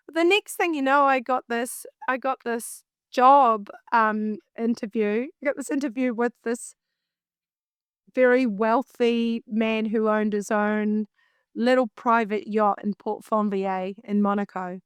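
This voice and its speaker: A woman's voice: fairly high pitch, measured pace, smooth, dry recording. Kiwi woman chatting, tells stories, acts out her thoughts, dry close sound. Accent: New Zealand. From New Zealand. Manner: animated, acts out her own past thoughts. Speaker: guest, singer and vocal coach. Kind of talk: casual storytelling in an interview.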